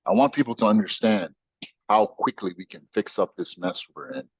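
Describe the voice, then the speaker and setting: Emphatic slangy American man, low voice. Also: animated, normal speed, slightly rough, dry recording, highs cut off. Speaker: guest, company founder. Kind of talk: animated storytelling interview.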